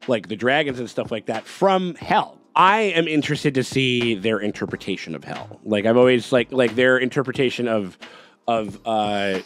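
A man's voice: mid-range voice, moderate pace, fairly bright tone, a little hiss or hum. Rambling casual male reaction host. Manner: rambling, restarts, casual swearing; upbeat greeting. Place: home setup.

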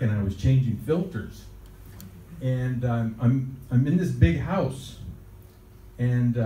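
A man's voice: mid-range voice, dark tone. Older man telling a rambling story. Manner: rambling storyteller, chuckles often. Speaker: interviewee. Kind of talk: recounting a childhood anecdote. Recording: roomy, distant mic, faint ambience.

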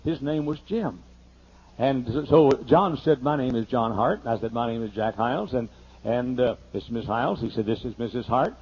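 A man pastor telling a humorous, folksy story during a sermon, slowing down to list items one by one. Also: medium pitch, husky. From United States. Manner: folksy and humorous, lists things slowly. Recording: muffled older sermon tape.

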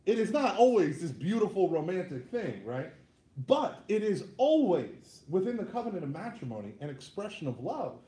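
A man in his thirties giving a lively, joking talk to a live audience as a Catholic speaker, with frequent "right?" asides. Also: high-pitched, normal speed, echoey room, poor audio.

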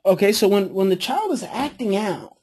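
Husky woman coaching parents. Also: medium pitch, normal speed. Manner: earnest, explanatory, models calm phrases for parents. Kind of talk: teaching a parenting class.

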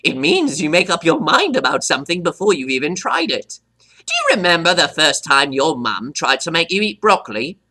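A man voicing a cocky, hot-tempered male pet parrot who teaches vocabulary, boasting and stopping to define words, with squawky high jumps on "right?". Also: big pitch swings, moderate pace, pushed and bright, slightly rough, heavily acted. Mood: boastful. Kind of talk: scripted vocabulary lesson.

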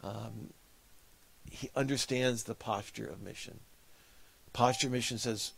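A man's voice: mid-range voice, steady tone, a little slow, creaky, pauses often, a bit bright, breathy edge. A man preaching a sermon as a pastor, telling a personal story in an earnest, heartfelt way.

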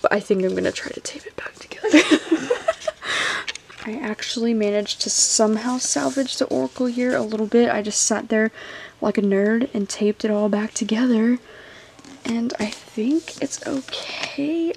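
A woman's voice: on the high side, steady tone, moderate pace, creaky, a little mellow. Young woman vlogger, casual and stressed, lots of "like" and swearing, faint hiss behind. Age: young adult. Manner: filler-heavy, swears often. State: stressed and upset. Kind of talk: casual vlog talk.

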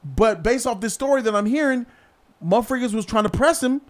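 Blunt high-voiced man lecturing. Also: brisk. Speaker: vlog host. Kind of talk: casual street commentary. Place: outdoors in a city.

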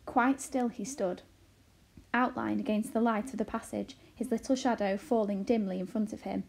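A woman teacher reading a children's novel aloud slowly and carefully, with occasional self-corrections. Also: mid-range voice, steady tone, creaky, a little mellow.

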